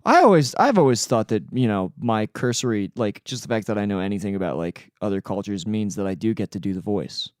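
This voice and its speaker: Teasing young man, lively voice. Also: lowish voice, no echo, clean studio sound. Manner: teasing, joking, quick to laugh. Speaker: podcast co-host. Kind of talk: casual chat.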